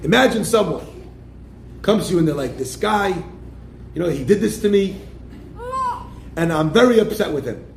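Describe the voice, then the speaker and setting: Animated rabbi preaching in an echoey room. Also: male voice, sits high, moderate pace, gravelly, pauses often, a little hiss or hum. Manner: animated, acts out the people he quotes; keeps addressing listeners as "my friends". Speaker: rabbi giving a class. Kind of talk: sermon.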